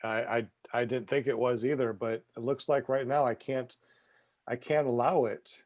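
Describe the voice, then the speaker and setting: A man hosting a casual podcast, keeping track of the live chat. His voice is mid-pitched and easygoing. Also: fairly even intonation, moderate pace, a little mellow. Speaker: podcast host.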